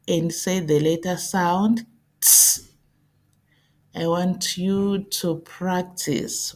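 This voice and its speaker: A woman teaching a phonics lesson to young children, speaking clearly and repeating letter sounds for them to copy. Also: lowish voice. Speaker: English teacher.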